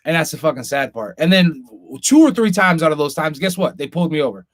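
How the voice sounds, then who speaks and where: A man's voice: fairly high pitch, lively intonation, fast talker. A man co-hosting a casual podcast, talking earnestly and with concern, often stumbling and restarting his sentences. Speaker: podcast co-host.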